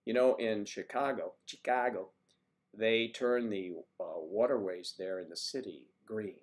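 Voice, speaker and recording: A man's voice: lowish voice, unhurried. A man hosting a livestream, chatting casually and rambling as he answers viewer comments. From United States. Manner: rambling, chatty, wandering between topics. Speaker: livestream host.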